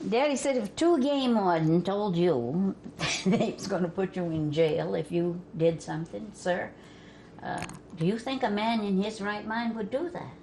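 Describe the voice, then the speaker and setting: A woman's voice: mid-range voice, measured pace, a little mellow. Older vermont lady spinning a family yarn, chuckling a lot, faint hiss behind. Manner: folksy, laughing through the telling, drops voice for quoted men. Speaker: storyteller guest. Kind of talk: family storytelling. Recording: faint background noise.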